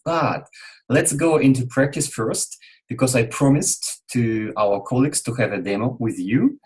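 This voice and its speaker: A man, a native Russian speaker, hosting an online coaching meeting and politely thanking his guest. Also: medium pitch. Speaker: host.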